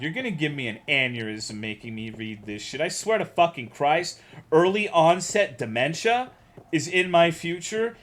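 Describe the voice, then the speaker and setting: A man's voice: on the high side, lively intonation, unhurried. A young American man streaming a game, chatting casually and ranting with lots of swearing while reading chat aloud. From United States.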